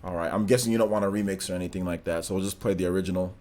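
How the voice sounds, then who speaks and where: A young man hosting a casual live stream, rambling loosely and rattling off quick shout-outs to viewers. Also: low voice, steady tone.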